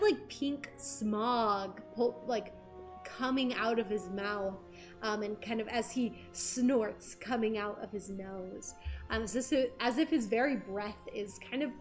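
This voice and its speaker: A woman narrating a tabletop game as game master, slow and descriptive with many fillers. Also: fairly high pitch.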